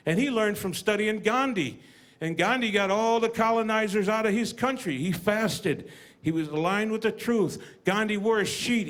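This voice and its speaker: A man performing a stand-up comedy routine, telling stories and acting out voices with deadpan punchlines. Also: sits high. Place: comedy stage with live audience. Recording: live audience, noisy room.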